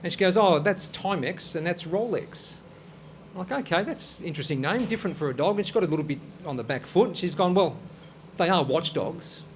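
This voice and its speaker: A man's voice: high voice, lively intonation, brisk, noisy background. A man hosting a comedy show and telling jokes in an easygoing, hesitant way, on stage. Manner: easygoing, hesitant storyteller with filler words.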